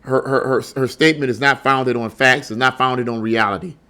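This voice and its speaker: Speaking slightly fast with a forceful, bright, mid-range voice and fairly even intonation, a middle-aged man hosts solo political commentary. It is blunt and heated, with words often repeated as he gets worked up.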